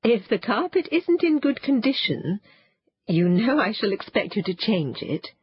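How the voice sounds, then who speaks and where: A woman's voice: a little high, big pitch swings, unhurried, husky, no room sound, dull audio, pitched above the performer's own voice, exaggerated voice. A woman voicing a firm, proper mother giving a warning. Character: stern, firm middle-class mother.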